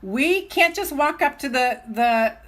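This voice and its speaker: A middle-aged woman and self-love coach talking casually on a live stream, gushing and excitable, laughing often as she speaks straight to her viewers. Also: sits high, slow pace.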